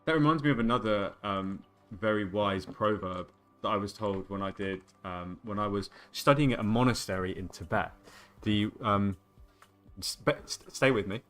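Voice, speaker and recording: A man in his twenties with a fairly low voice talks casually to his live-stream chat. He rambles and jokes between gameplay remarks, with faint music playing behind him. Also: moderate pace, a bit bright. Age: 20s. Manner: joking, rambling banter with chat. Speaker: game streamer.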